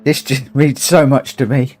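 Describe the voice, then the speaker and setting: A man's voice: mid-range voice, level tone, a little slow, darkish tone. A man hosting a charity gaming livestream, emotional and grateful, repeating his thanks as he gets choked up. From United Kingdom. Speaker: livestream host and racing gamer.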